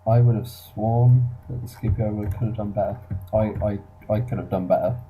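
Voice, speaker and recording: A man's voice: fairly low pitch, steady tone, a little fast, warm tone, slight background noise, poor audio. A man giving casual commentary on a strategy game battle, rambling and correcting himself as he thinks aloud. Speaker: gameplay reviewer and commentator. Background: music.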